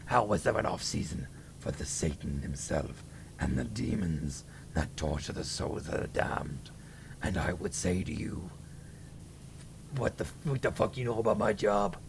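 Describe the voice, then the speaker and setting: A male streamer voicing a boastful, grumpy demon lord with a deep gravelly growl, narrating theatrically with crude asides. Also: a little hiss or hum. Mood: irritated. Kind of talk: live-stream character voice.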